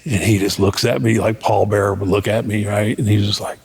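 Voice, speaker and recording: Gravelly male storyteller with a loose, rambling delivery and a reverberant sound. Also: lowish voice, level tone, fairly quick, a little mellow. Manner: laughing, rambling with restarts. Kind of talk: casual anecdote.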